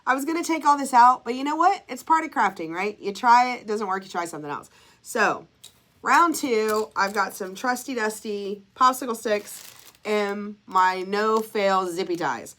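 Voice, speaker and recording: A woman's voice: mid-range voice, normal speed, a bit bright. A woman narrating a DIY craft project in a casual, chatty, self-deprecating way, thinking aloud as she works and sniffling a little. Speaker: craft vlogger.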